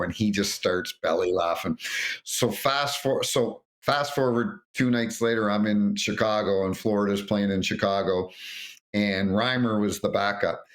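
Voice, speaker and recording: A middle-aged man, a retired referee, telling anecdotes on a podcast and acting out quotes with frequent restarts. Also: on the low side. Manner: animated storyteller, acts out quotes, frequent restarts. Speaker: retired hockey referee guest.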